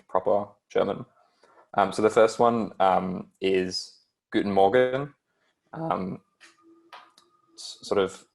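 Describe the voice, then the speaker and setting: A young man teaching beginner German over a computer mic, pausing often with ums as he explains. His voice sits very low and gravelly. He speaks in an even, flat tone. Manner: hesitant, many ums, explanatory. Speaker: German language tutor. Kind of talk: online beginner language lesson.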